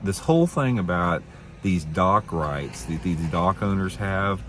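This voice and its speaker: A middle-aged man, a professional bass angler, telling a story to camera in a rambling, blunt, opinionated way, repeating his words. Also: expressive, measured pace, a bit bright.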